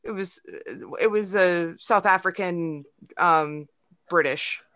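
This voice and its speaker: Bright-voiced woman chatting casually. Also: fairly low pitch, slow. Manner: laughs often, animated storytelling. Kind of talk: casual chat.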